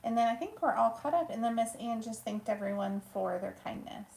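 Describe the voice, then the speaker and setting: A woman co-hosting a live stream, reading viewer comments aloud in a soft-spoken, casual way. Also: fairly high pitch, lively intonation, brisk, vocal fry, a little hiss or hum. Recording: echoey room.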